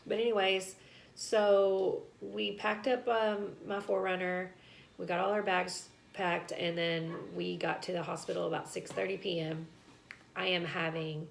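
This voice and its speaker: A woman's voice: on the low side, vocal fry, a little hiss or hum. A young woman, telling a personal story to camera in a chatty, casual way, laughing and filling with "like" and "um.". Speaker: vlogger.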